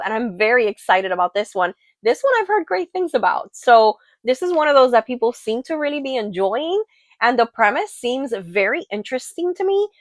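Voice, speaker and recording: A woman's voice: on the high side, no room sound. A woman book vlogger talking casually and rambling a little about books she plans to read. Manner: chatty and rambling, with fillers and self-corrections. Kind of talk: casual chat about a reading list.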